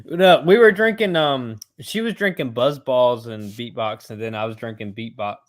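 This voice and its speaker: A tipsy man drops into a comedy podcast on a video call, speaking at an ordinary pitch. He rambles loosely and giggles between his thoughts. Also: moderate pace. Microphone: video call mic.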